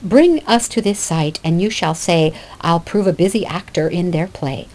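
A woman's voice: on the low side, moderate pace, darkish tone, close to an everyday voice. A woman voicing an eager young heroine in disguise.

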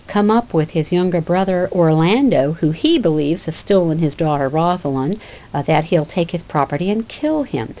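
A woman's voice: lowish voice, a little mellow, rough recording. A woman teaching literature, reading a play aloud and explaining it in a conversational way.

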